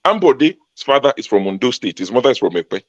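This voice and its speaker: A man's voice: medium pitch, big pitch swings, a little fast, no echo. Emphatic man in heated debate. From Nigeria, Ogun State. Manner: emphatic, argumentative, repeats points for force. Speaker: panel guest. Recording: dull lo-fi sound.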